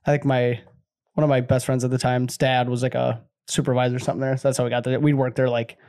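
A man's voice: medium pitch, flat delivery, fast, darkish tone. A young man in casual chat, rambling through a story with lots of fillers.

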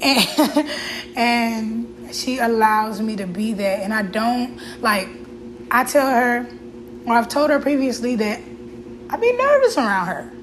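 A woman's voice: fairly high pitch, slow, a little hiss or hum, rough recording. Candid, emotional woman host, casual talk. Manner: candid and emotional, with fillers and restarts. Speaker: podcast host.

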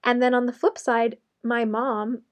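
A young woman talks straight to her listeners in a relaxed motivational monologue. Her voice sits a little high. She drops in sarcastic asides and small laughs as she goes. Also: measured pace. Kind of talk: motivational solo talk.

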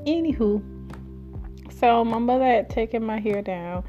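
A woman casually telling a personal story in her own series, chatty and colloquial, breaking into high giggles. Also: unhurried, mellow, highs cut off, faint music behind. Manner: laughs often, with high giggles while telling stories; chatty and colloquial, with many fillers.

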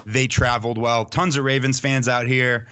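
A man co-hosting a casual sports betting podcast, talking excitedly and swearing, often laughing. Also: mid-range voice, normal speed. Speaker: podcast co-host.

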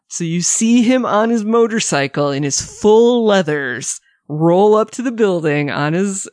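A man co-hosting a casual movie podcast, excitedly retelling scenes and swearing freely. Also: on the high side, no echo, clean studio sound. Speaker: podcast co-host. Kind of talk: casual movie-review chat.

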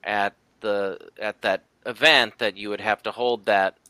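A man's voice: lowish voice, fairly even intonation, a little slow, sharp tone, dry recording. A man hosting a podcast, putting teasing, leading questions to his guest. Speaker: podcast host. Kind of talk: casual podcast chat.

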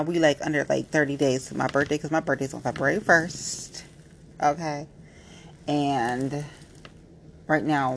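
A woman's voice: low-pitched, creaky, fairly bright tone, slight background noise. A young woman hosting her own podcast, venting bluntly and a little pettily in a casual monologue full of slangy asides. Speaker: podcast host.

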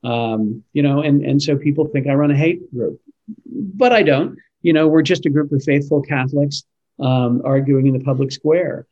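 A man's voice: on the high side, normal speed, a little mellow, dull audio. Earnest, emphatic man answering questions. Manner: earnest and emphatic, with frequent restarts. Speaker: interview guest, Catholic advocacy leader. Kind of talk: conversational interview answers.

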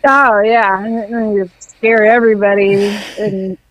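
A woman's voice: mid-range voice, steady tone, a little slow, no echo. A woman in her thirties from southeast Alaska, co-hosting a podcast in casual chat, blunt and full of "like" fillers. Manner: chatty, lots of "like" fillers, blunt. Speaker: podcast co-host. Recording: dull, dry, lo-fi sound.

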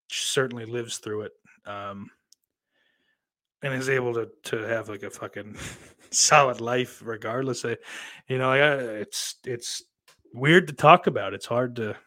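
A young man hosting a live stream, talking loosely and profanely, swinging between loud ranting and quiet mumbling. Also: mid-range voice. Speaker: streamer host. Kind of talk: casual live-stream commentary.

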